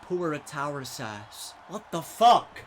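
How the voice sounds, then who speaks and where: A man streaming pack openings, pleading and swearing with bursts of shouting. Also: on the high side, very animated, slow pace.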